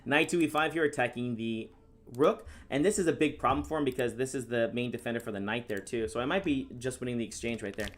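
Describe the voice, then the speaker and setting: A man from the United States commenting live on his own chess games, reading viewer questions aloud and answering in a casual, deadpan sarcastic way. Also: mid-range voice, quick pace. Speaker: chess streamer and National Master. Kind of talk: live-stream commentary while playing.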